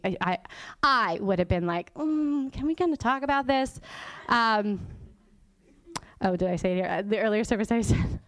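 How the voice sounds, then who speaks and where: Woman preacher, casual sermon: mid pitch, chatty, quick laughs, whispered asides, dry close sound. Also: no echo. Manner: chatty and informal, laughs often, drops to a whisper for emphasis. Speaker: guest church teacher. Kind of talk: conversational sermon.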